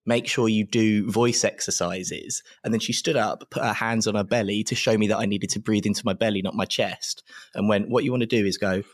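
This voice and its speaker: Husky young man after throat surgery. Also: fairly low pitch, steady tone, fast. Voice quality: husky, recovering from vocal cord surgery. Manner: laughs often, self-mocking storyteller. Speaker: podcast co-host. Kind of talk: casual podcast banter.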